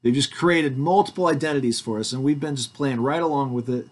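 A man in his forties reads legal paperwork aloud to his viewers, stopping to call out every comma, parenthesis and bold heading. His voice sits in a middle pitch. He breaks off now and then to talk straight to his audience. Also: fairly quick. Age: 40s. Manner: reads word by word, calling out punctuation, with asides to the audience. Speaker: vlogger reading his legal documents aloud.

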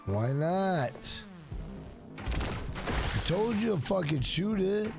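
Laid-back, foul-mouthed male game streamer, slightly high voice, dry close mic with faint game music behind. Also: very animated, extremely slow, vocal fry. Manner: profane, drawling, tired. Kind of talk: casual live-stream commentary.

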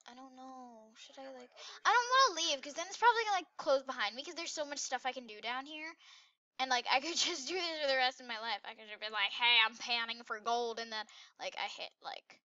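A woman giving casual, excitable commentary while playing a game, jumping between squeals and hushed whispers. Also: high-pitched, quick pace, dry recording, dull audio. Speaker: gameplay YouTuber.

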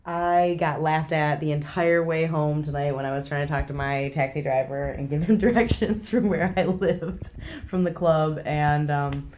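A woman's voice: deep voice, steady tone, moderate pace, a little mellow, a little hiss or hum. An American woman talking casually in a confessional travel vlog from her apartment kitchen, chatty and self-deprecating, with lots of fillers and restarts. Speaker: travel vlogger.

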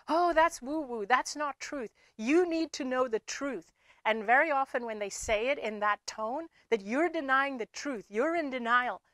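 Woman, spiritual speaker; earnest, repetitive motivational delivery, higher-pitched voice. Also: bright, forceful tone, no echo. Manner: earnest, repeats herself with fillers. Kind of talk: motivational talk to viewers.

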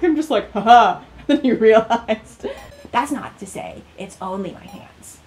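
A woman commenting on a video game playthrough, reacting dramatically and excitably and laughing often. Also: fairly high pitch, a little slow, soft background music. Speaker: gaming video host. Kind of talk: let's-play reaction commentary.

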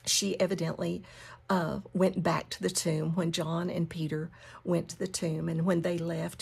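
A woman leading a Bible study, reading scripture and teaching. She drops into a hushed whisper for emphasis and repeats key phrases. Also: lowish voice, gravelly, breathy edge.

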